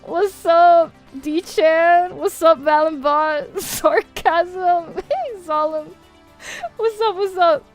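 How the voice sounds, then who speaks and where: A woman's voice: very high voice, drawn-out words, soft background music. A woman streamer in casual livestream chat, ranting animatedly with lots of swearing and frequent laughter. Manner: laughs often. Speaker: VTuber streamer.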